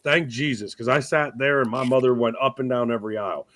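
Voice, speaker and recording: A man hosts a casual podcast, spinning profane, rambling stories that swing into loud outbursts. His voice is recorded dry and close, with no room sound at all. He sits at a middle pitch for a man. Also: fast, no room sound. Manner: profane, rambling comic storytelling. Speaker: podcast host.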